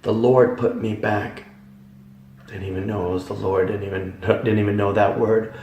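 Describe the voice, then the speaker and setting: A man's voice: on the low side, level tone, normal speed, darkish tone, muffled recording. A man giving a religious testimony, telling his story in an emphatic, repetitive, dramatic way. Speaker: testimony speaker. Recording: echoey room, voice from far off.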